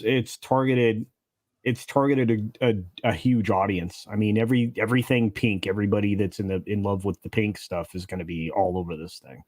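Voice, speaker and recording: A man on a casual panel chat, thinking aloud in a measured way. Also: on the low side, dry recording.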